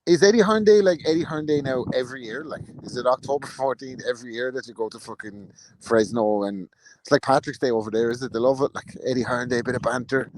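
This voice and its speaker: A man's voice: medium pitch, fast. Joking sweary podcast man. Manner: joking, swearing, rhetorical questions. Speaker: podcast co-host. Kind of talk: casual sweary banter.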